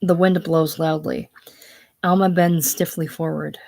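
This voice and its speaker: A woman reading the stage directions of a play in a plain, even way. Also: deep voice, measured pace. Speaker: reader of a play.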